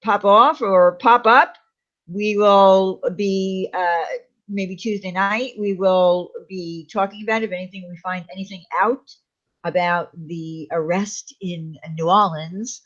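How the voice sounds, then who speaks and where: A woman's voice: mid-range voice, steady tone, slow pace, fairly bright tone. Woman hosting a live chat, laughs a lot, kinda muffled lo-fi sound. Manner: chatty, laughs often, trails off. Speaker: livestream co-host.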